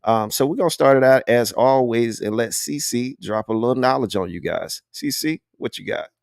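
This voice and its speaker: A man's voice: medium pitch, expressive, normal speed, vocal fry, no echo. Brief: male host of a casual video-call panel, slangy and easygoing, dry close sound. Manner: laid-back, slangy, says "man" often. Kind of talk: casual live panel hosting.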